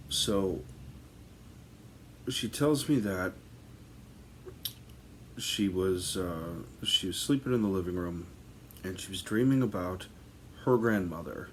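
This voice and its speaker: Man, deep voice, slow delivery; casual first-person ghost storyteller, loose and rambling. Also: lively intonation, slight background noise. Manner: rambling, filler-heavy, conversational.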